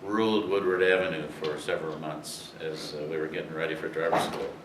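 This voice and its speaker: This older man's pitch is extremely low and barely moves as he briskly recounts racing history to an audience in loose, filler-heavy anecdotes. The room sound is spacious and distant, with faint hiss.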